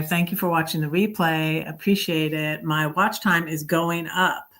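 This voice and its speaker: Middle-aged woman, low and unhurried, rambling livestream host full of ums. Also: fairly even intonation. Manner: rambling, halting with many ums, greets viewers brightly. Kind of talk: casual livestream chat.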